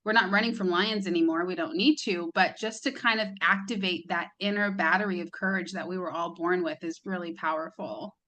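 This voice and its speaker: A woman's voice: lowish voice, fairly even intonation, fairly quick, few pauses, pushed and bright, a little hiss or hum. A woman hosting an interview podcast, chatting casually with frequent fillers. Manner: chatty, upbeat, fillers like "like" and "you know". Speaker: podcast host.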